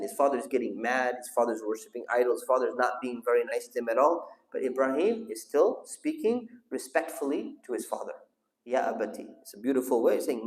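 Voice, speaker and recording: A man leads a religious lesson, telling a story and pausing to put questions to his listeners and call on them. His voice sits at a middle pitch. The recording carries the echo of a large hall. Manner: asks the audience questions and calls on listeners. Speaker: sheikh teaching a class. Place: mosque hall. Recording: echoey hall.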